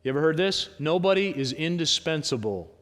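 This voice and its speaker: A man's voice: a little high, animated, fairly quick, fairly bright tone. A man preaching a sermon as a pastor, talking conversationally and pressing his points with repeated rhetorical questions. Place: church sanctuary. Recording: long church hall reverb.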